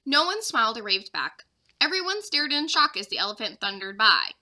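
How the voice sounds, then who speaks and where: Bright, expressive teacher reading aloud. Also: female voice, a little high, fairly quick. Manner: expressive storyteller. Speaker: third-grade teacher. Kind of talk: reading a children's chapter book aloud.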